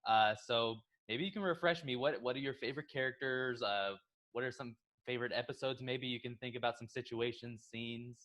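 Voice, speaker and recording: A man's voice: medium pitch, a little fast, fairly bright tone. A young man co-hosting a podcast in casual chat, friendly and easygoing with his partner. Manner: friendly, calls partner "dude". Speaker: podcast co-host.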